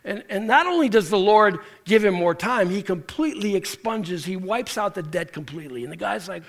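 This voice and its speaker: A man's voice: sits high, brisk, few pauses. A man preaching a sermon, telling stories animatedly and acting out the people in them, with frequent restarts. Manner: animated storytelling with acted quotes and restarts. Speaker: pastor.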